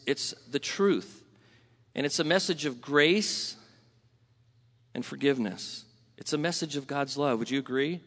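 A man from Southern California preaching a sermon in a conversational, animated way, questioning the congregation. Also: medium pitch. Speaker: pastor. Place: church sanctuary. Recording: long hall reverb.

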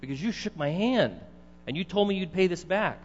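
A man's voice: sits high, expressive, fairly quick, pitched above the performer's own voice. A man preaching voices his stern old grandfather, who speaks firmly and plainly about keeping promises. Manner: firm, plain-spoken. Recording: dull echoey hall with hum.

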